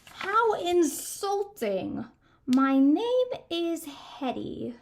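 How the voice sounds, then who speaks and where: A woman's voice: extremely high pitch, very animated, very slow, slight background noise, pitched above the performer's own voice, heavily acted. A woman voicing a huffy, insulted female monster in a storybook read-aloud. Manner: huffy, drawn out.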